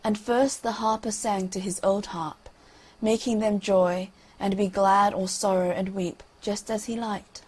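A woman reading a fairy tale aloud in a measured, expressive storytelling manner. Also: mid-range voice, slightly rough, low-quality recording.

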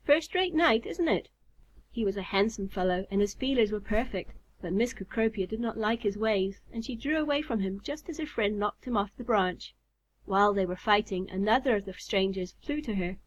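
A woman reads a children's story aloud in a calm, measured storyteller voice. Her pitch sits in an ordinary middle range. The recording sounds a little muffled and dull. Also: a little hiss or hum.

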